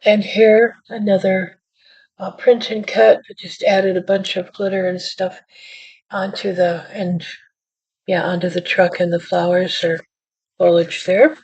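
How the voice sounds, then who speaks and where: A woman's voice: medium pitch, flat delivery, measured pace, a little mellow, husky. A woman hosting her own card-making channel, chatting casually as she shows her work, rambling and apologizing and playing down her own skill. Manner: rambling, self-deprecating, apologetic. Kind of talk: casual show-and-tell chat. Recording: dull lo-fi audio.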